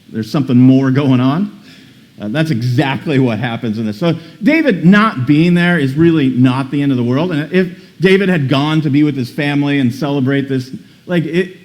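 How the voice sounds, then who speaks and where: A man preaching a sermon, reading scripture aloud and commenting in a casual, dramatic way with frequent restarts. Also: fairly high pitch. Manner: animated, reads scripture then comments with dramatic emphasis; casual asides with repeated word restarts. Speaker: pastor.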